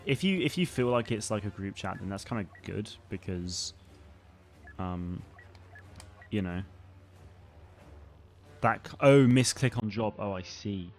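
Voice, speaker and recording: A man's voice: on the low side, lively intonation, measured pace, long pauses, faint music behind. A young man hosting a live stream, chatting casually with viewers in a rambling way, full of fillers and restarts. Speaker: streamer and channel host. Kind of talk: casual live-stream chat reading comments.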